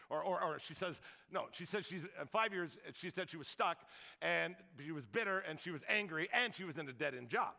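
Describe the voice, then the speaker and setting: A man's voice: a little high, expressive, a little fast, gravelly, bright, forceful tone, in a large hall. A man pastor preaching a sermon, telling stories animatedly and acting out other people's voices with jokes.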